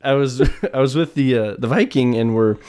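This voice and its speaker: A man co-hosting a podcast in relaxed chat, with a voice of middling pitch. He tells his stories with energy and acts out the people in them. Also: normal speed. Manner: storytelling, acts out phone calls in put-on voices. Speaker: podcast co-host. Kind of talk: casual chat.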